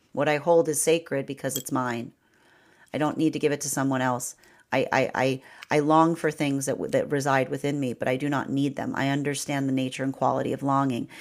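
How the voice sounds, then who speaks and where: A woman giving a rambling livestream tarot reading, often acting out imagined inner voices and breaking into laughs. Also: rumbling low. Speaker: tarot reader.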